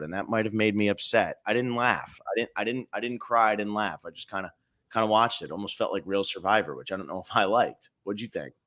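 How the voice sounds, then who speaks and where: Animated guy co-hosting a show recap, bright sharp voice, laughs a lot. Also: on the low side. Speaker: podcast co-host. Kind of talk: casual recap chat. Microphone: video call.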